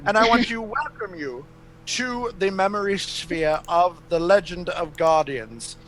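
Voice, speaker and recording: A man's voice: high-pitched, lively intonation, a little slow, a bit bright, a little hiss or hum. A man voicing an ancient, lonely guardian spirit who speaks in a courtly, theatrical way.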